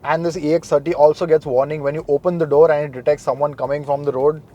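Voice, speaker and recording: A young man presenting a car review in a measured, matter-of-fact way. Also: fairly high pitch, flat delivery, dark tone.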